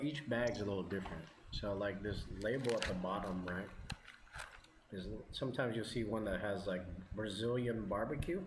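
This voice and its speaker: A man vlogging as he eats, chatting casually in a rambling way and chuckling often. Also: fairly low pitch. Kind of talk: casual chat while eating on camera. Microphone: camera mic. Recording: roomy with background noise.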